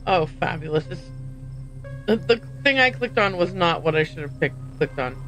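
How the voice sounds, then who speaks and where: Woman streamer, chatty and laughing, bright lively voice, faint music behind. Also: lowish voice, normal speed, rough recording. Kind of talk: live game playthrough commentary.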